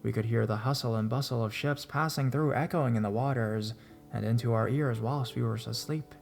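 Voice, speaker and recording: A man narrating true ghost stories in a measured reading voice, at an ordinary middle pitch. He keeps a steady storytelling pace and lifts his voice when the tension peaks. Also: gravelly, faint music behind. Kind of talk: scripted narration of reader stories.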